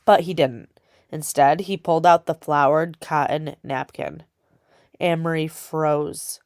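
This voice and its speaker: Low-voiced woman reading a story aloud. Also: a little slow, no room sound, clean studio sound. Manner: steady storytelling read-aloud. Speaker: audiobook reader. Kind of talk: reading a children's novel aloud.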